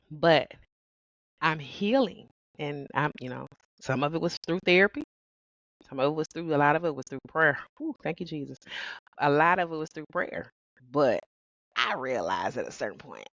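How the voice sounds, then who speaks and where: A woman hosting a personal podcast, talking about heartbreak and healing in a reflective monologue, expressive and quick to laugh, often calling the listener "baby". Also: lowish voice, gravelly, no echo, highs cut off. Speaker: podcast host.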